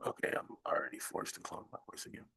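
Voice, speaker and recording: A man hosting a casual coding workshop, thinking aloud in a halting way with many fillers and mild exasperation. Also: pushed and bright. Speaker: workshop host. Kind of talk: casual screen-share coding walkthrough.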